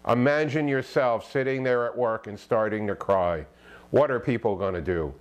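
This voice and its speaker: A man in the middle pitch range talks straight to camera with the conviction of a self-help author. He hammers his points home with rhetorical questions and keeps checking in with a pointed "okay?", preachy and emphatic throughout. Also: normal speed. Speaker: self-help author giving advice to men. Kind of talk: direct-to-camera advice monologue.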